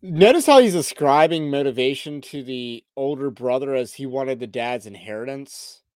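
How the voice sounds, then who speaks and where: A man's voice: mid-range voice, lively intonation, normal speed, a little mellow, no echo, studio quality. A man hosting a podcast who argues with a clip point by point in critical commentary. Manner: rebuts point by point, argumentative. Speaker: podcast host.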